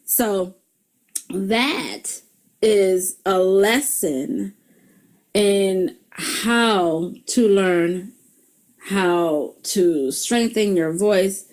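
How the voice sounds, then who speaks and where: A middle-aged woman giving a motivational talk, telling stories in a lively way, laughing often and calling her viewers y'all. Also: mid-range voice, very slow. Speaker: self-help video host.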